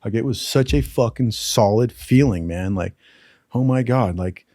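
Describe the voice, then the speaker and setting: A man's voice: medium pitch, a little slow, darkish tone, no room sound, studio quality. A young man telling a profane, casual story from his training, laughing often and saying "dude" a lot.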